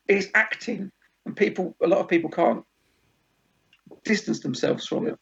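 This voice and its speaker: A man hosting a podcast in casual chat, an animated storyteller who acts out quoted lines. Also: high voice, moderate pace, gravelly, pauses often. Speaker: podcast host. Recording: dull lo-fi podcast audio.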